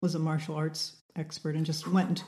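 A woman's voice: low-pitched, flat delivery, a little fast, dark tone. A woman hosting a podcast, chatting casually with a friend and dropping playful, joking asides. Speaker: podcast host. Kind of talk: casual chat.

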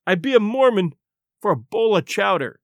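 A man doing a gruff, brash ex-police captain. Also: high voice, big pitch swings, moderate pace, fairly bright tone, no echo, lo-fi sound. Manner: blunt, brash, harsh.

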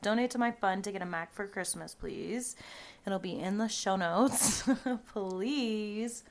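Gravelly young woman podcast host. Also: mid-range voice, very animated, moderate pace. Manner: rambling, swears a lot, says "like" often. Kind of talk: casual chat.

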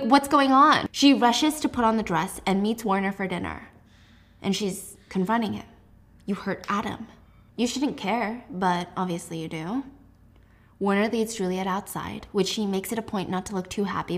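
A young woman hosting a casual book recap, chatty and animated, with lots of "like". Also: medium pitch. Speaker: host.

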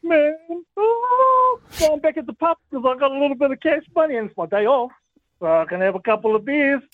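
A man with a New Zealand accent calling in to a radio show, talking in an excitable, rambling way with lots of exclamations. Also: extremely high pitch, fast, dry recording. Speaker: caller. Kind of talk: casual phone call to radio. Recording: tinny phone line.

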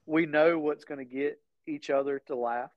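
A man with a slightly high, steady voice tells a story at a normal pace as a podcast co-host, frequently laughing as he goes. It's casual storytelling chat, with no echo but a dull, lo-fi sound.

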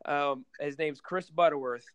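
Coach guy rambling thru a story on a podcast, smooth clear voice, dry sound. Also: fairly high pitch, fairly even intonation, a little slow, no echo. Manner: rambling, many fillers and restarts. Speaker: guest basketball coach. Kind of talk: casual storytelling in a podcast interview.

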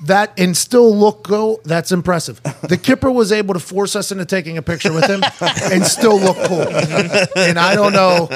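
A young man hosting a podcast, telling stories in animated casual chat, laughing and acting out voices. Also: sits high, normal speed. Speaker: podcast host.

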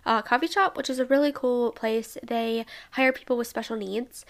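Bubbly young woman from Alabama, gravelly edge. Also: a little high, fairly even intonation, moderate pace. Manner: chatty, bubbly, frequent "like" and laughs. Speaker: travel vlogger. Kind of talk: casual travel recap.

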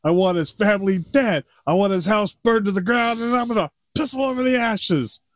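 A man's voice: high voice, fairly quick, no room sound, studio quality, voice pushed up, natural voice. A man doing a vengeful mob boss.

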